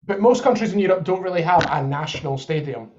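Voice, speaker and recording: A man's voice: high voice, lively intonation, fast talker, a little mellow, dull audio, slight background noise. A man co-hosting a podcast, chatting about football and thinking aloud with examples. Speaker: podcast co-host. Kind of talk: live football watchalong chat.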